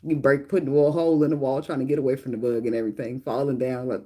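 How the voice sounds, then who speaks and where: A woman's voice: deep voice, fast talker, mellow. A middle-aged woman hosting a casual chat with viewers. She tells blunt, profane stories and laughs often. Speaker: tarot reader and channel host.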